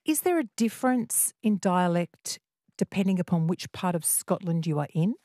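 A woman's voice: lowish voice, moderate pace, no echo. Chatty woman radio host. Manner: lively, chatty, teasing. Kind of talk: radio phone-in chat.

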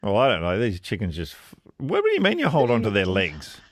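A man hosts talkback radio in a jokey, chatty way. His pitch swings widely as he talks. The studio sound is close and dry. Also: huge pitch swings, no room sound. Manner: jokey, chatty, quick to laugh at himself. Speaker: radio host. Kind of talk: casual talkback radio chat. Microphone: studio microphone.

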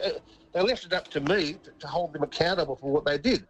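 With highs missing from the sound, a fast-talking man with a fairly high voice spins yarns in a laid-back interview. He's a middle-aged Australian and former rugby league player appearing as the guest, and he chuckles and repeats words as he talks.

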